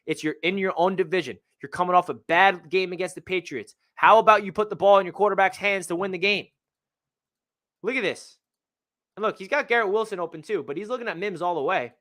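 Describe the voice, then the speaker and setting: A young man excitedly breaking down game film as a fan analyst, talking in a slangy way full of exclamations. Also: fairly high pitch.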